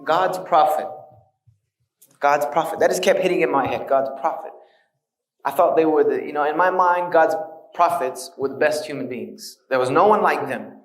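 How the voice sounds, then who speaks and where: A man's voice: a little high, brisk, hardly any pauses, echoey room, distant mic, rough recording. A man giving a conversational lecture, telling his story with earnest storytelling and wry humor.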